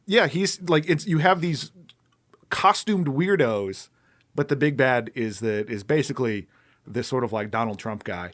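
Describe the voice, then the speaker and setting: A man's voice: mid-range voice, measured pace, a bit bright. Podcast co-host, man, mid-range voice, dry wry delivery. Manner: dry, wry remarks with repeated restarts. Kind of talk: casual chat.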